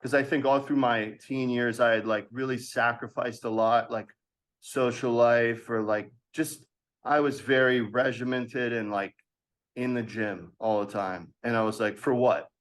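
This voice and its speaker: With a mid-range voice and a measured pace, a man in his thirties recounts an old story as a guest on a podcast. The interview is casual, and he brings it to life by performing others' voices amid laughter.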